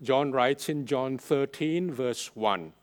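A male pastor preaching a sermon, stressing and repeating key phrases, his loudness rising and falling for emphasis. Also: mid-range voice, takes it slowly.

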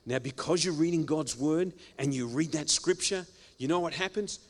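A male pastor preaching a sermon, emphatic and repetitive, swinging from loud exclamations down to quiet, low phrases. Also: normal speed.

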